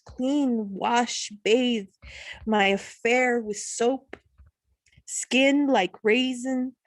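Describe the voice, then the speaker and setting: A woman reading her own poetry at an online open mic from home, slow and measured, pausing between lines. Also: fairly high pitch, no echo.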